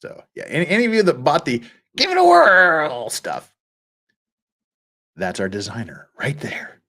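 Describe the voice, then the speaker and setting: A man's voice: fairly high pitch, huge pitch swings, measured pace, vocal fry, sharp tone. A middle-aged man hosting a live stream, chatting casually, reading out viewer comments and laughing often. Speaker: livestream host.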